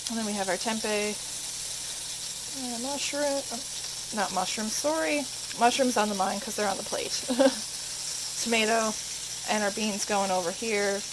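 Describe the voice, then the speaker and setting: A woman's voice: medium pitch, a little slow, pauses often, background noise. Casual home-cook woman, rambling and self-mocking, handheld camera in a home kitchen, faint sizzle behind. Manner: chatty, self-deprecating, rambling asides. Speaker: home cooking vlogger. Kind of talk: casual cooking vlog narration.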